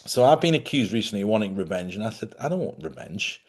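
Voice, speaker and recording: A man hosting a spiritual live stream, chatty and animated, often laughing as he talks. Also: fairly low pitch, fast. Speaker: spiritual host.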